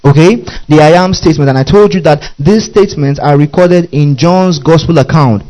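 A man's voice: fairly high pitch, normal speed, dark tone, poor audio. A man preaching a sermon as pastor, emphatic, often checking that his listeners follow and adding hallelujah and amen. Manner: repeats questions to the congregation, emphatic.

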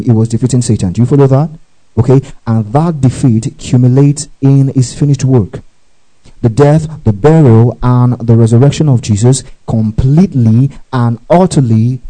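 A man's voice: mid-range voice, mellow, rough recording. A man preaching a teaching sermon, reading scripture verses and prompting listeners to underline and repeat after him. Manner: teaching with scripture references, frequent call-and-response prompts.

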